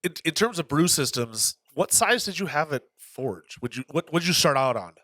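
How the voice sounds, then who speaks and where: A man's voice: on the high side, animated, normal speed, a bit bright, no room sound. A man hosting a casual podcast interview, asking easygoing questions with dry joking asides. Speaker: podcast host.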